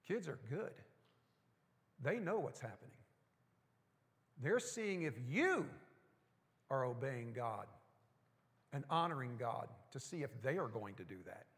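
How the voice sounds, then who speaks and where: A male pastor preaching a sermon in a church, folksy and animated, with joking asides. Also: mid-range voice, unhurried, long pauses. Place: church sanctuary. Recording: long hall reverb.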